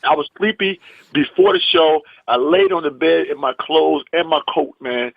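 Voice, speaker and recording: A comedian telling a story in a lively, emphatic way, acting out the people in it. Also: male voice, on the high side, normal speed, gravelly, no room sound, narrow, tinny audio. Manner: lively, emphatic, acts out the people in his stories. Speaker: comedian and actor guest. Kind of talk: animated storytelling.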